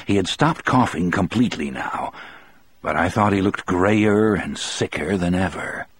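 A man reads a first-person novel aloud in a measured, even way. His voice is very deep and husky, recorded dry and close with no room sound. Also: no echo. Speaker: audiobook narrator.

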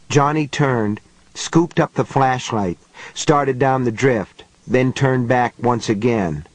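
A man reading an audiobook as the narrator, with measured, unhurried storytelling. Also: mid-range voice, animated, dry recording, poor audio. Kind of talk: scripted narration.

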